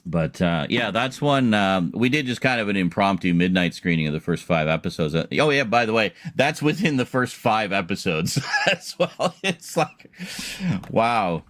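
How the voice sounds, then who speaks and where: A man's voice: on the low side, lively intonation, moderate pace, a bit bright, no echo. A man streaming a casual chat, telling a long story in a rambling way with laughs and restarts.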